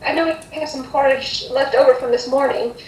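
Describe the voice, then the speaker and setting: Woman playing a high, bubbly tavern mom, fussing and friendly, in a roomy space. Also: steady tone, a little fast, distant mic, close to an everyday voice. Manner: flustered, friendly, chattering. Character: cheerful young mother, a bustling tavern keeper. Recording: echoey room.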